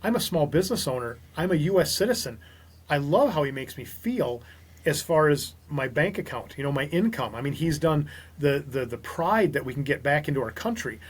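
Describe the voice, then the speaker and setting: A man from Minnesota talks as a guest on a casual podcast, his voice somewhat high and husky. He tells stories with animation, acting out what others said in little bits of dialogue. His speech runs on in loose, conversational phrases. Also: lively intonation, brisk. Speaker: guest, auto repair business owner.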